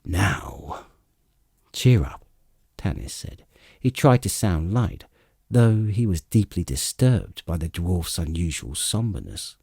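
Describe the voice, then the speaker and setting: A man narrating a fantasy audiobook with expressive storytelling. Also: deep voice, measured pace, breathy edge, dry recording, clean studio sound.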